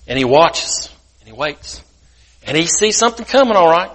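Bright-voiced folksy preacher man. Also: sits high, sing-song, normal speed, pauses often. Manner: folksy, colloquial storyteller. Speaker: guest preacher. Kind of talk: sermon storytelling.

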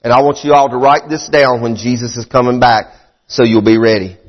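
Fervent pastor preaching in a reverberant hall. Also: male voice, steady tone, brisk. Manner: preaching with repetition, swinging from high fervent bursts to low chatty asides. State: out of breath. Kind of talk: sermon. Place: church sanctuary. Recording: muffled sound in a hall with long reverb.

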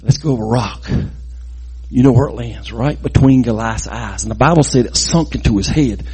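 A man telling a Bible story in a lively, folksy way, adding sound effects and jokes. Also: medium pitch, normal speed, slightly rough.

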